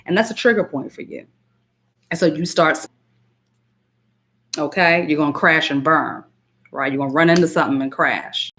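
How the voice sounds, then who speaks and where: A woman's voice: low voice, normal speed, long pauses, a bit bright. A woman giving emphatic spiritual self-help advice on a live stream, repeating phrases and greeting viewers by name. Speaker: spiritual coach and hypnotist.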